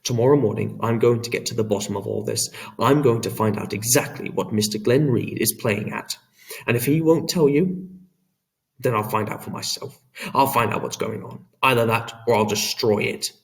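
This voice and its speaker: A man's voice: on the low side, fairly even intonation, a little fast, vocal fry, recorded from a distance. Man doing a stern, weary father. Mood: determined. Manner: firm, clipped orders. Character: worried, stern middle-aged father.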